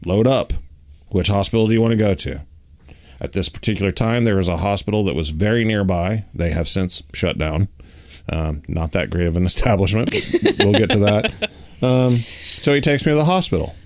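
A man telling a personal story in casual chat, acting out the dialogue and talking with lots of fillers. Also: normal speed. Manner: animated, acts out dialogue with raised pitch; uses many fillers like "like" and "you know".

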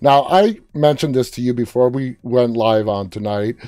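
A man's voice: mid-range voice, moderate pace, mellow, clean tone, dry recording, clean studio sound. A man hosting a live interview, asking questions with a fan's enthusiasm. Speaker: interviewer host.

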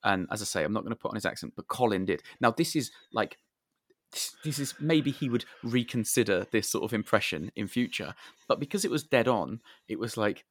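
A young man with a lowish voice chats casually on a podcast, telling long rambling stories with the odd swear word. The recording is dry and close, with no room sound. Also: expressive, fairly quick, dry recording. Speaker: podcast co-host. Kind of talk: casual chat.

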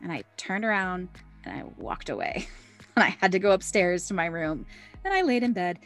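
A woman's voice: fairly low pitch, animated, normal speed, fairly bright tone, soft background music. A woman in her thirties co-hosting a casual podcast, telling personal stories candidly and laughing often. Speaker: podcast co-host. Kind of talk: casual chat, personal storytelling.

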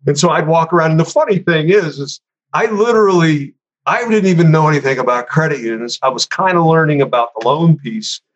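A man casually telling a story from his career, animated and conversational, acting out what other people said. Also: on the high side, a little fast, dull audio. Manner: animated, acts out other people's lines in a raised voice; conversational, frequent fillers like "you know" and "man".

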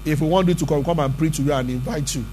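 A man's voice: a little high, fast, warm tone, slight background noise. A man preaching a sermon as pastor, emphatic and conversational, often asking the congregation questions.

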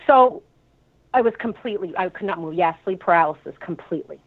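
A woman's voice: on the low side, a little fast. Boston woman on a tinny phone line. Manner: animated, dramatic retelling. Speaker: caller. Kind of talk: call-in storytelling.

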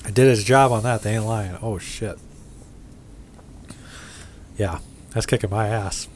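A man's voice: fairly low pitch, measured pace, darkish tone, a little hiss or hum. A man with a Midwestern American accent chats casually about beer, blunt and profane, always ready with a joke. Faint room ambience sits behind his voice. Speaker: podcast host reviewing beers. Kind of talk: casual chat.

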